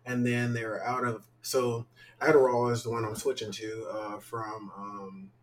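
A man's voice: on the low side, flat delivery, unhurried, slight background noise, poor audio. A young man co-hosting a casual podcast, sounding tired as he rambles candidly, with lots of fillers. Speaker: podcast co-host.

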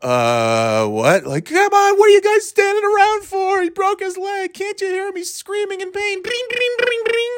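A man voicing an earnest grown man who treats his bike like a pet dog, in a high, squeaky, pleading voice. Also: very animated, moderate pace, few pauses. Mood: frantic.

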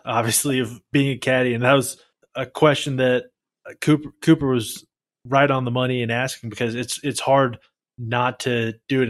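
A man co-hosting a podcast who responds in a measured, thoughtful way. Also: medium pitch. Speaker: podcast co-host. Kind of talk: casual podcast talk.

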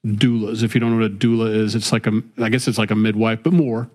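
A man's voice: lowish voice, steady tone, fast, a little mellow. A middle-aged man talking casually and earnestly, rambling with many restarts and drifting into preaching about faith. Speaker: father and faith-based talk host.

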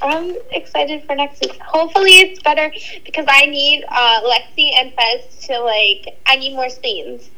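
A woman's voice: high-pitched, measured pace, pushed and bright, poor audio. A young woman co-hosting a podcast, chatting casually and agreeably, often saying "literally". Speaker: podcast co-host. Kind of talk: casual chat.

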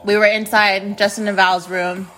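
A woman in her late twenties from the United States hosts her podcast alone, sharing blunt, casual stories about her freshman year and swearing freely. Her mid-range voice is bright and forceful but flat in delivery, moving at a normal speed. Faint music plays in the background.

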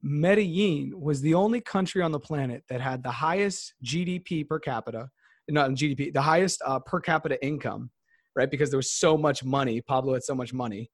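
A man's voice: mid-range voice, dry recording, studio quality. A man in his thirties hosting a casual chat, rambling and thinking aloud as he talks. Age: 30s.

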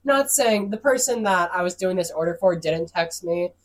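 A woman co-hosting a podcast, ranting with animated exasperation in casual chat. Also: fairly low pitch, moderate pace. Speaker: podcast co-host.

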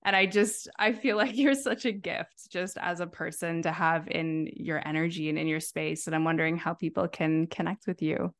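A woman hosting a podcast, chatting casually and warmly effusive, laughing often and acting out remembered exchanges. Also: on the low side. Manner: effusive, quick to laugh, acts out quoted voices. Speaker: podcast host. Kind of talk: casual chat.

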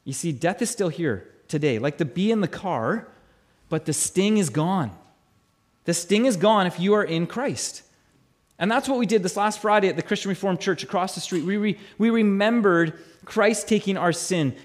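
Man, pastor, sermon, high-pitched voice, emphatic repetition, stammered restarts, voice sinks low for weight. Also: animated, moderate pace. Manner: emphatic, repeats key phrases, voice swells and drops low for weight; frequent restarts and stammered repeats.

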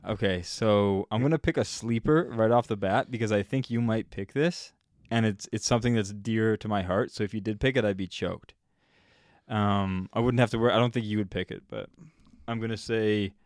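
A man's voice: lowish voice, normal speed, no room sound, studio quality. A young man hosting a casual podcast chat, joking and laughing often. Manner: lively, laughs often, jokey. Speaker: podcast host.

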